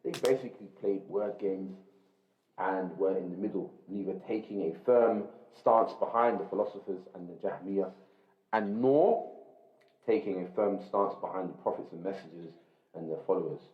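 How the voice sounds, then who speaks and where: A man reading a religious text aloud to a class in a measured, explanatory way, stopping to gloss Arabic terms. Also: sits low. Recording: roomy, dull lo-fi recording.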